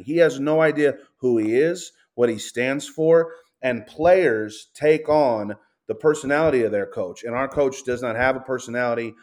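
A man's voice: mid-range voice, moderate pace, few pauses, darkish tone. Ranting, foul-mouthed man talking sports. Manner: profane, ranting, stumbles and repeats words. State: says he is high. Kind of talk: heated casual sports talk.

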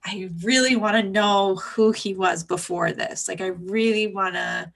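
A woman co-hosting a podcast, speaking gently and reflectively with warm empathy for her guest. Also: mid-range voice, fairly even intonation, unhurried, gravelly. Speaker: podcast co-host. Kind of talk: casual podcast conversation.

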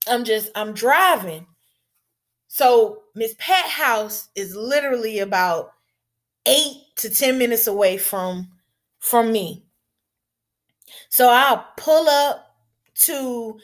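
A woman tells a personal story at an unhurried, lingering pace. Her voice sits a little high for a woman. She talks candidly, drops into hushed pauses and breaks into raised outbursts.

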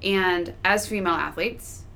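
A woman's voice: fairly low pitch, measured pace, creaky, bright, forceful tone, a little hiss or hum. A young woman co-hosting a casual podcast, bubbly and enthusiastic as she introduces a guest. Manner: bubbly, enthusiastic, laughs often. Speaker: podcast co-host.

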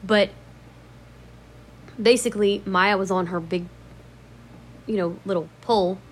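Woman just rambling about her dogs, swears a lot, laughs at herself, gets loud when quoting people. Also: mid-range voice, steady tone, unhurried. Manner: acts out quoted lines with sudden loud bursts. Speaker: dog owner telling memories. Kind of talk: casual storytelling to camera.

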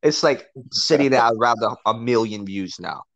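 A man's voice: mid-range voice, moderate pace, gravelly, dry recording. A man telling a crude story to a friend in casual chat, swearing constantly and laughing often. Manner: profane, animated, laughs often. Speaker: podcast co-host telling a story.

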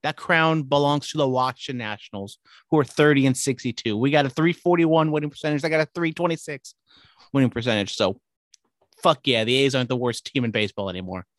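A man's voice: mid-range voice, brisk, no room sound. Dry, upbeat male sports podcaster. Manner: upbeat, wry, jumps between stats and jokes. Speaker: podcast co-host. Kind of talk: casual sports chat.

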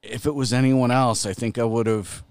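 A middle-aged man co-hosting a podcast, talking slowly with many restarts and frequent laughter. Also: mid-range voice, steady tone, a little mellow, smooth, no room sound. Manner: laughs often, slow and halting with restarts. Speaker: podcast co-host. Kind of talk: casual podcast chat.

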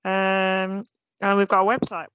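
Flat-voiced woman co-host. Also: mid-range voice, a little slow, smooth, no room sound. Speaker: podcast co-host. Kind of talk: casual podcast chat. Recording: dry, dull lo-fi remote recording.

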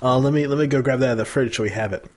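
A man co-hosting a casual beer tasting podcast, hesitant and searching for words, quick to laugh. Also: medium pitch, a loud crowd. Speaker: podcast co-host.

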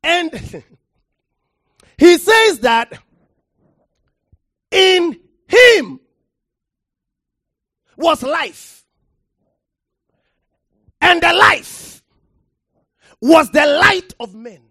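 Passionate preacher mid-sermon: high, swooping pitch, slow measured pace, calls for the crowd to answer back. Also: expressive, no echo, studio quality. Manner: impassioned, shouting for emphasis with sudden drops to quiet; calls for audience response.

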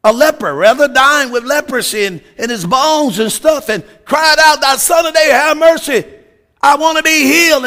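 Fired-up preacher guy, bright sharp tone, shouts his points, lots of hallelujahs. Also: very high voice. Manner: fervent, shouts emphasis, frequent hallelujahs. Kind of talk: sermon.

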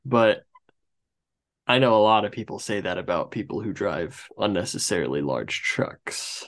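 Podcast co-host, male, lowish voice, relaxed rambling movie chat. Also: normal speed. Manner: relaxed, rambling with trivia asides. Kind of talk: casual movie review chat.

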